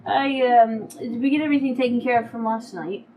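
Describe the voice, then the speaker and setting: Woman player, casual and relaxed, a bit off the mic with faint noise. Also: on the high side, a little fast, recorded from a distance, lo-fi sound. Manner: casual, tired-sounding, relaxed. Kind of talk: casual in-character tabletop play.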